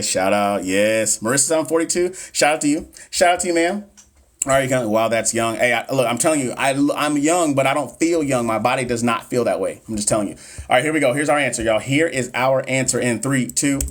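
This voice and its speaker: A man in his thirties hosts a casual live stream and reads nursing exam questions out loud. He chats and jokes with his viewers and trips over hard medical words. His pitch sits in an ordinary middle range. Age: 30s. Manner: joking, chatty, talks straight to viewers, stumbles on medical terms.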